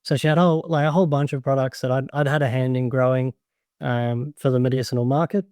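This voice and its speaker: Guest: man, mellow tone, dry close recording, earnest and rambling. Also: mid-range voice, steady tone, fast, no room sound. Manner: earnest, rambling, frequent fillers and restarts. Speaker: podcast guest, grower and educator. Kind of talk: casual interview chat.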